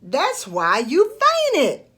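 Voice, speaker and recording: A woman's voice: high-pitched, huge pitch swings, very slow, a bit bright, full character voice. A woman reading an earnest cartoon nephew. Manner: earnest, explaining. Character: young male cartoon mouse nephew, know-it-all. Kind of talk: storybook read-aloud.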